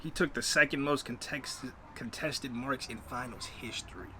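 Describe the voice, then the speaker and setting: A man's voice: mid-range voice, normal speed, pushed and bright, slight background noise. An American man hosting a reaction video, chatting casually in laid-back slang. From United States.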